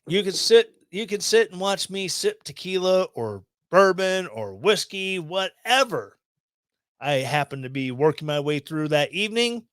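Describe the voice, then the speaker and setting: A man's voice: high-pitched, lively intonation, a little slow, a bit bright, no echo. A man hosting a podcast, commenting on the news in a rambling, self-deprecating way with sarcastic asides, into a studio microphone. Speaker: podcast host.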